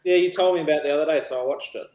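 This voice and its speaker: A man's voice: fairly high pitch, racing, a little mellow. A man from Australia with an Australian accent, chatting casually in a blunt, teasing way. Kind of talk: casual chat.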